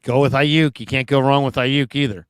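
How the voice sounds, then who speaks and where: A man's voice: medium pitch, fairly even intonation, normal speed, clean tone, dry recording, studio quality. A man hosting a casual sports talk show, chatting about football and reading out viewer comments with playful asides. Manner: chatty, reads out fan messages with playful asides.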